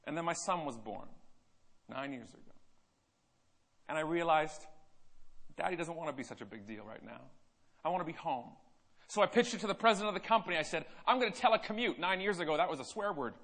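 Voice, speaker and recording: A high-pitched man, speaking as a keynote storyteller. He tells a personal story from the stage, dropping to near-quiet and then pushing loud and urgent.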